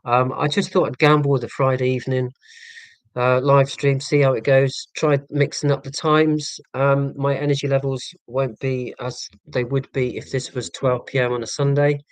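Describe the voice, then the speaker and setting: A flat, medium-pitched male voice at normal speed, with poor audio and no echo. The speaker is an English man in his forties with a Hampshire accent, casually chatting to viewers on his live stream. He's hesitant and rambling, sarcastic and self-deprecating, constantly umming and restarting.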